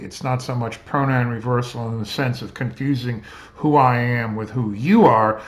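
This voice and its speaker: A middle-aged man lecturing as a pediatrician, explaining in a measured, patient way with the occasional filler. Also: mid-range voice. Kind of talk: educational lecture.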